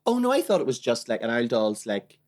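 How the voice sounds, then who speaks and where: A Northern Irish man co-hosting a comedy podcast, chatting and laughing. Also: mid-range voice. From Northern Ireland. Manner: animated, quick to laugh and mimic. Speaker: podcast co-host. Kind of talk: casual comedy chat.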